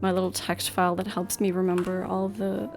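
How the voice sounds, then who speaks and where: A woman's voice: on the low side, monotone, quick pace, music in the background. A woman streamer chatting casually between game lines, laughing at herself. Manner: laughing, self-deprecating asides.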